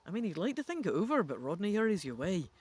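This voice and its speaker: A man's voice: sits high, sing-song, quick pace, breathy edge. Man musing through a gamebook. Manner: musing, thinking out loud. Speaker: gamebook reader. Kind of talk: reading a gamebook aloud with chatty asides.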